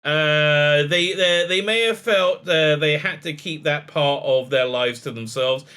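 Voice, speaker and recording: A man's voice: a little high, a little slow, pushed and bright, clear, resonant tone. A middle-aged man hosting a casual commentary, reading an article aloud and rambling with many fillers, restarts and laughs. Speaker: commentary host.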